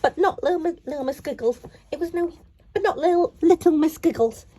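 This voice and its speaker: A woman narrating a children's storybook, reading haltingly with frequent restarts. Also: high voice, warm tone. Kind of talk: storybook read-aloud.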